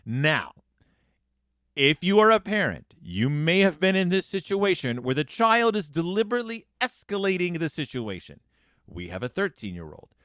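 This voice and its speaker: Animated man with a bright, lively voice. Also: a little high, moderate pace, no echo, clean studio sound. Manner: animated, acts out quoted lines in changing voices. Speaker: podcast host. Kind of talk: reading and commenting on a picture book.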